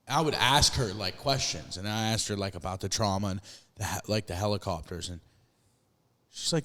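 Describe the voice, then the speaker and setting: A man's voice: fairly low pitch, a little fast, bright, forceful tone. A man in casual podcast talk, telling stories with slang and heavy swearing. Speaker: podcast co-host. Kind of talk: casual chat. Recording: long hall reverb.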